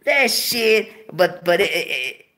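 A man hosting a show, telling a long profane story and breaking into high yelps of disbelief. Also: big pitch swings, slow pace, pushed and bright. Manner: swears constantly, bursts into high yelps of disbelief. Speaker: show host.

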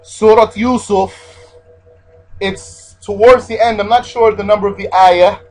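A man with a high, husky voice gives an explanatory religious lesson. He goes over each point more than once and leans on the Arabic terms he teaches. Faint music sits under his voice. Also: fairly even intonation, a little slow, a little mellow, poor audio. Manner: repeats key points, stresses Arabic terms.

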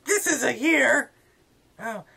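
A man's voice: extremely high pitch, animated, slow, gravelly, sharp tone, husky. A man hosting a comedy vlog, giving a rambling, self-important farewell speech and then interviewing a guest. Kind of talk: mock-solemn comedy monologue.

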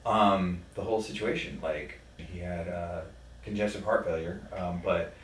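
A man telling a personal story in a podcast conversation, blunt and profane, halting with many fillers. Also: sits low, fairly bright tone, a little hiss or hum. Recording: roomy sound from a distant mic.

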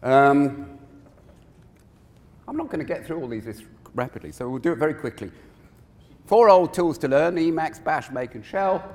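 A man speaks from the stage of a large conference hall, his voice ringing with a long reverb. His pitch sits a bit high and swings widely as he talks. He delivers his keynote in a chatty way, wandering off on asides. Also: moderate pace, pauses often. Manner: animated, conversational, digressive.

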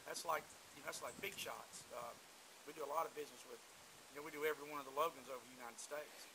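A man's voice: fairly high pitch, fairly even intonation, fast, pushed and bright. A man at a family gathering, telling a rambling story in casual chat, picked up by a home camcorder. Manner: rambling, repeats himself.

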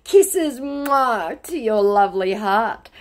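A woman's voice: on the high side, slow pace, voice pushed up. A woman doing a fawning male scammer. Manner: syrupy, stiff scripted flattery. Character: fawning male online scammer posing as singer.

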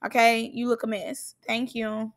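A woman's voice: a little high, a little slow. A young woman giving a sassy, shady recap of a reality show, mocking the cast. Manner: sassy, shady, animated, mocks cast members in put-on voices.

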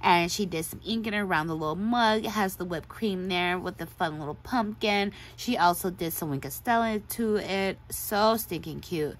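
A woman's voice: lowish voice, normal speed, hardly any pauses. A woman hosting a craft video, gushing in a casual show-and-tell chat and laughing often. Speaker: craft channel host.

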